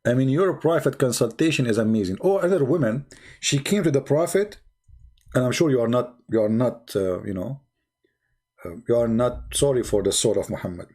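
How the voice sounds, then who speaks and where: A man's voice: mid-range voice, lively intonation, a little fast, darkish tone, husky. A man hosting a livestream, mocking and taunting a critic with repeated rhetorical questions as he talks to viewers. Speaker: online debate host. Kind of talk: livestream commentary addressing viewers.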